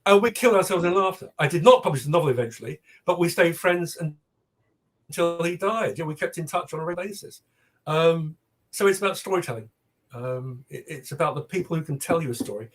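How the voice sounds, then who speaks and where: Older man, husky; chatty guest storyteller. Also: on the high side, quick pace. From South London. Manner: anecdotal, hesitant with many ums. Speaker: literary agent guest. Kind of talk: casual interview chat.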